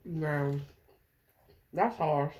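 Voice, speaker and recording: Woman, casual chat, lowish voice, short skeptical remarks, echoey room. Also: drawn-out words, a little mellow.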